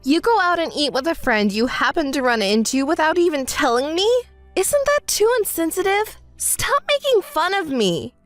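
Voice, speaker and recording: A woman's voice: high voice, very animated, unhurried, dry recording, soft background music. A woman voicing an exasperated young bride. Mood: scolding. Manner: exasperated, scolding. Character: young bride, hurt and indignant wife. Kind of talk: text-message story narration.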